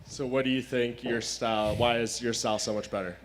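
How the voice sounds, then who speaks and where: A male reporter calmly asking a fighter questions at a media scrum, steering back to the fight. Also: mid-range voice, a little fast. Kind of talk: press questions.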